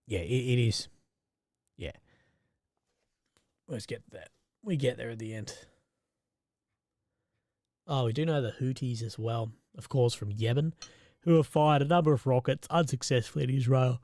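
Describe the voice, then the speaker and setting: Reading viewer messages during his live stream, an independent reporter riffs conversationally, swearing frequently and restarting his thoughts. His mid-range voice carries a warm tone, captured in a dry, studio-quality recording.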